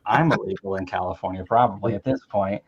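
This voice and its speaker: A man's voice: lowish voice, quick pace, breathy edge, highs cut off. A man from the American South telling rambling, joking stories in a casual chat, often restarting his words.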